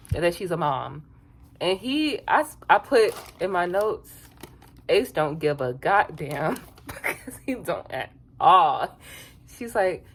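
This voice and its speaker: A woman giving a casual, sassy recap of a reality show, chatty and quick to laugh. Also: mid-range voice. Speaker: reality TV reviewer.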